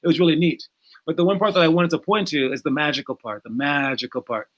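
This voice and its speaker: Talkative basketball coach, higher-pitched man. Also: quick pace. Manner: energetic, acts out movie scenes in raised voices; many fillers and repeated words. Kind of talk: casual talk to young players.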